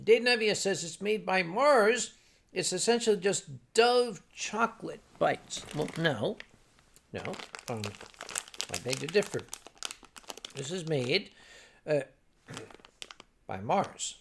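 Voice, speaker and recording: A man's voice: high voice, expressive, slow, vocal fry, pauses often, slight background noise. An older man hosting a casual livestream, reading out viewer comments with rambling, wry remarks and many fillers and restarts. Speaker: livestream host.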